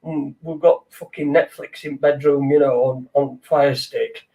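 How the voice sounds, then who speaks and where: Rambling man, high voice. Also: fairly even intonation, a little slow, dark tone, low-quality recording. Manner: rambling, sweary, loses his words. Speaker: podcast host. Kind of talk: casual late-night chat.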